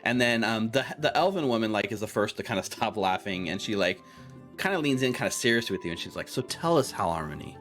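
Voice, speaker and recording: A man's voice: on the low side, fast, a bit bright, soft background music. A man narrating a tabletop game as game master, in a casual way full of "like" and fillers.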